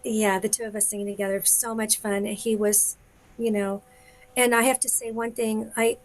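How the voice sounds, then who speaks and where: A woman singer chatting casually on a live video call, telling a story with quick asides and laughs. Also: mid-range voice, level tone, slight background noise. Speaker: singer, guest. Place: home, live video stream.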